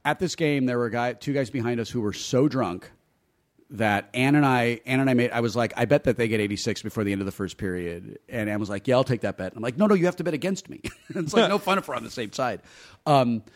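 A man's voice: medium pitch, expressive, fast talker. A middle-aged man telling stories in casual chat, candid and profane, laughing often. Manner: candid storyteller, swears freely, laughs often.

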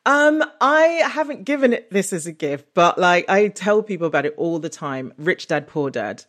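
A woman's voice: fairly low pitch, expressive, normal speed. A woman talking casually as a guest author and comedian, chatty, often laughing and restarting her sentences. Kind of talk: casual interview chat.

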